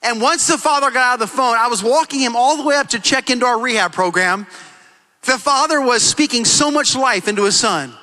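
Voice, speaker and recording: Middle-aged male pastor, sermon delivery, very high bright voice, emphatic and repetitive. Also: a little fast, low-quality recording. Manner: emphatic, repetitive preaching with acted-out quotes.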